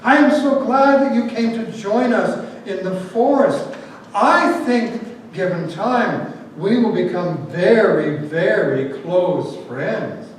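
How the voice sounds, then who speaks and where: A sly male fox in a spoken fable, pouring on sugary flattery in a fairly high voice, as a man puts him on. The sound is very echoey and heard from a distance, with a faint hiss behind it. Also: slow pace. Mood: flattering. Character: sly cunning male fox, falsely charming.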